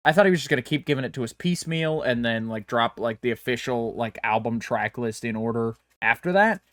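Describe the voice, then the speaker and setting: A man's voice: medium pitch, animated, brisk, fairly bright tone, no room sound, clean studio sound. A young man co-hosting a casual podcast, rambling along with repeated words and lots of "like" fillers, talking into his own mic over a remote call. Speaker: podcast co-host. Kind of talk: casual chat.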